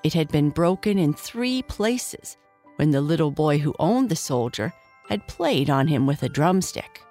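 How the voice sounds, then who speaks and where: Woman storyteller, low voice, lively rise and fall, soft music behind. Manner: gentle, unhurried, expressive. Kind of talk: children's story reading.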